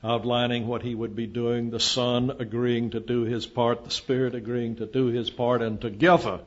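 An older man preaching a sermon, lecturing emphatically and often rising to loud declamation. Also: medium pitch, level tone, normal speed. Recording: dull lo-fi recording.

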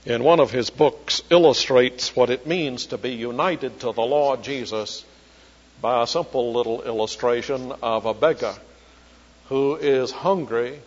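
An older man, from Charleston, preaching an expository sermon and slowing down when he quotes scripture. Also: mid-range voice. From Charleston, South Carolina. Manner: slows down to quote scripture, teacherly. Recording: dull lo-fi recording, long hall reverb.

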